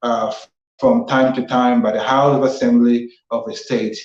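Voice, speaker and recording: A man's voice: mid-range voice, level tone, moderate pace, darkish tone. A Nigerian man hosting a civic talk show, earnestly explaining the constitution and repeating phrases for emphasis. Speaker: host. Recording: roomy, slightly dull sound.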